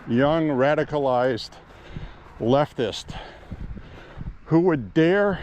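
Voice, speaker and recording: Male vlogger, mid-pitched, outdoor walk-and-talk, blunt and profane, faint traffic behind. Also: a little slow, pauses often, muffled recording. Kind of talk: walking vlog monologue. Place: outdoors walking by a road.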